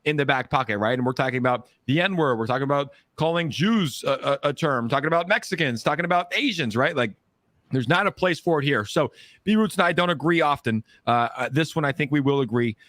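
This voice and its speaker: A man's voice: medium pitch, expressive, brisk, a bit bright, no room sound. A man hosting a casual livestream chat, talkative and opinionated, often ending his points with "right?". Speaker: host.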